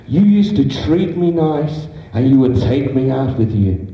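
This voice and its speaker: A man's voice: medium pitch, sing-song, unhurried, dull audio, voice pushed down. A man voicing a scorned female sat-nav that complains in a snide, bitter way, recorded echoey from a distant camera.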